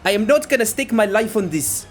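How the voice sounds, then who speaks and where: A man's voice: sits high, animated, soft background music, voice pushed up. A man voicing a beaten four-armed female mercenary who pleads and stammers. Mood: pleading. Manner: halting, stammering. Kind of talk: tabletop game character voice.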